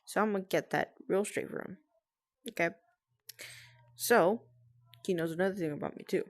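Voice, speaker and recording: A woman talking quietly and carefully at home, explaining herself to friends with nervous laughs. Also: on the low side, normal speed. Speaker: vlogger. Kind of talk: casual explainer talk to friends. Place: at home with family nearby.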